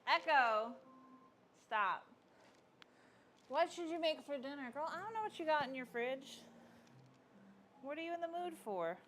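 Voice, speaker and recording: A woman's voice: high-pitched, expressive, measured pace, pauses often, a bit bright, a little hiss or hum. A young adult woman hosting a casual livestream, chatting with viewers and reading their comments aloud. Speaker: livestream host.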